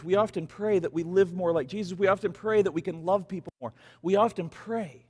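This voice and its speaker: A man's voice: high-pitched, darkish tone. A man leading a church youth group, casually rambling through a Bible story and acting out the people in it. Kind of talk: youth devotional talk. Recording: long church reverb.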